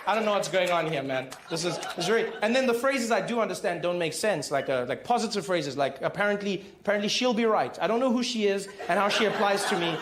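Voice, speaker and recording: A man doing a stand-up comedy set, teasing his listeners with quick asides. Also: sits high, animated, a bit bright. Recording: echoey room, noise.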